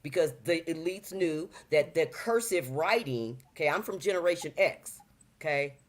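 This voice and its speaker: Speaking at a moderate pace in a low-pitched voice, a fifty-something woman chats casually as a talk show guest. She's lively and preachy, leans on slang, and performs small quoted voices as she goes.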